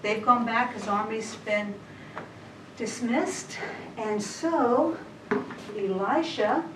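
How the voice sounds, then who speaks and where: A woman's voice: a little high, extremely slow. A woman teaching a women's Bible study, retelling scripture in a chatty, everyday way. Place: church meeting room. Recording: roomy hall, distant mic, faint hiss.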